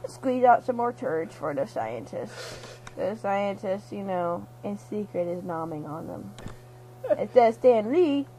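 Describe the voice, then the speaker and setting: A woman's voice: on the high side, warm tone, rough recording. Giggly half-asleep woman rambling a story. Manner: giggly, rambling, acts out characters' lines. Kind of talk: rambling comic retelling of a movie.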